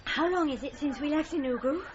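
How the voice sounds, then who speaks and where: A woman's voice: high-pitched, a little fast, natural voice. A woman playing a bubbly young British bride. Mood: excited. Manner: bubbly, excitable. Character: eager young British bride on a colonial trek. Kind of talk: radio drama acting. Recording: muffled radio recording with noise.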